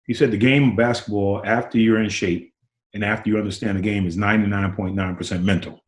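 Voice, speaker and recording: A man in his sixties with a low voice tells stories as an interview guest. He acts out other people's lines with sudden leaps in pitch and repeats words as he builds up. The sound carries a roomy echo. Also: fairly even intonation, fast talker. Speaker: interview guest, former basketball player. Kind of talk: animated storytelling.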